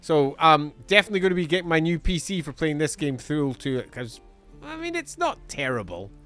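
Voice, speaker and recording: A man streams a video game and chats through it in an amused, offhand way. His voice sits a little high and moves around a lot, with soft game music underneath. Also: big pitch swings, brisk. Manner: chatty, amused, thinking out loud. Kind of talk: casual let's-play commentary.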